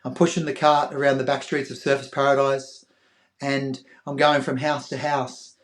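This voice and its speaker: A middle-aged Australian man telling an emotional story as a podcast guest, animated, acting out other people's voices and dropping soft at tender moments. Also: mid-range voice, normal speed. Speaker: podcast guest, former athlete.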